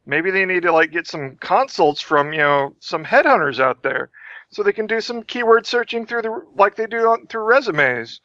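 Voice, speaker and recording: A man's voice: high voice, animated, normal speed, sharp tone, no echo. A man co-hosting a podcast, wry and dry, asking pointed questions. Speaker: podcast co-host. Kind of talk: casual podcast banter. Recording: dull, dry lo-fi podcast audio.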